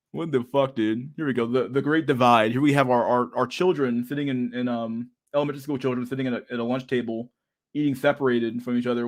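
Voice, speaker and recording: Guy ranting on his podcast, swears nonstop, says dude a lot, laughs a lot. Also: mid-range voice. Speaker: podcast host. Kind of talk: casual ranting chat.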